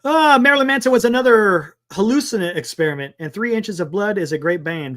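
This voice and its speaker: Casual stream host, male, higher-pitched, rambling and offhand with the odd curse. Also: lively intonation, a little fast, few pauses, a bit bright. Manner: rambling, thinking aloud, mild swearing. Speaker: sports talk livestream host. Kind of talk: casual livestream chat.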